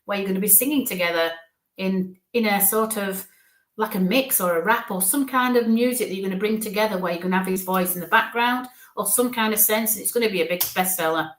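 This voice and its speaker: A woman, a psychic medium giving a live-streamed reading in an affectionate, reassuring, chatty way. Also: mid-range voice. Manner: warm, affectionate, talks in quick asides. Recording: echoey room.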